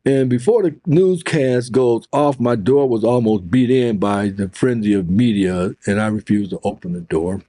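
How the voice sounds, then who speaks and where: An older man telling a story in an interview, animated and profane, acting out what others said. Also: medium pitch, moderate pace, few pauses, no room sound, clean studio sound. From Oregon, US. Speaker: interview guest.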